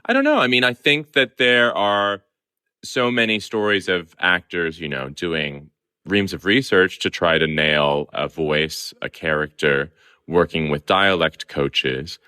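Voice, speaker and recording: A man from Southern California joins a podcast as a reporter guest and lays out his views in an articulate, opinionated way. His voice sits very low, but the tone is bright and forward. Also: animated, unhurried, smooth. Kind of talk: conversational podcast interview.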